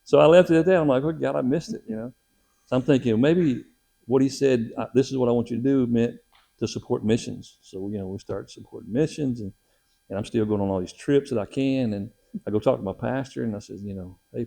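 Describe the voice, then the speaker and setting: A middle-aged man tells his faith story in a casual, lively way. His voice is gravelly and dark. He jumps up in pitch whenever he acts out what other people said. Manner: animated, acts out quotes with raised pitch. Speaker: missionary telling his testimony.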